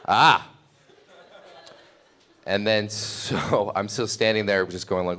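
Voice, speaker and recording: Young guy rambling thru a funny story, laughs at himself, lowish voice. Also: drawn-out words, long pauses, fairly bright tone. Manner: rambling, self-mocking, laughing through the story. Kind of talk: live comedic storytelling.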